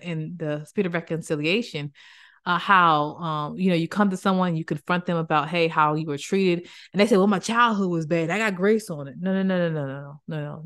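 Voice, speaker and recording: A woman giving an informal Bible teaching in an emphatic, colloquial way, repeating her points and slipping into playful voices. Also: deep voice. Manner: lively, jumps into playful voices for quotes. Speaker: Christian speaker and counselor.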